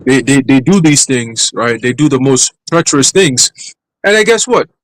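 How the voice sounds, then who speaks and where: A man's voice: mid-range voice, lively intonation, moderate pace, dry recording, poor audio. A man talking bluntly and profanely in a casual group chat. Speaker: discussion participant.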